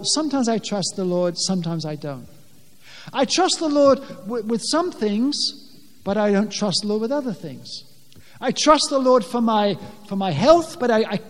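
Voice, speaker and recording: A man preaching a sermon from a pulpit, speaking earnestly in plain words, often restarting his sentences and rising loudly when he quotes scripture. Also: sits high, in a large hall. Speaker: pastor. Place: church with a pulpit, long reverb.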